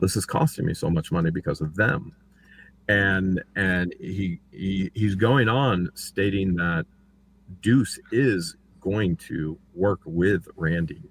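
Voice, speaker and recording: A man's voice: vocal fry, a little hiss or hum. A man talking casually about his own court case, acting out what others said with big jumps in voice. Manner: animated, acts out quotes with big pitch jumps. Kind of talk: casual livestream chat.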